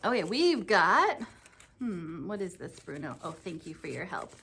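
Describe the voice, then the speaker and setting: A woman's voice: on the low side, big pitch swings, unhurried, gravelly, fairly bright tone, husky. A woman teaching a children's church lesson, speaking in a sing-song, exclaiming way as she chats with a dog puppet.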